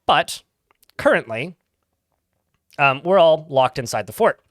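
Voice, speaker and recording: A man's voice: a little high, lively intonation, slow, fairly bright tone, dry recording, clean studio sound. A man casually chatting to his live-stream chat while playing a game, rambling and laughing easily.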